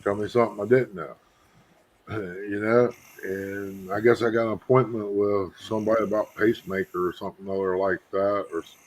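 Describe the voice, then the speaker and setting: A man's voice: lowish voice, steady tone, moderate pace, low-quality recording. An older man in casual chat, laid-back and plainspoken with a wry edge.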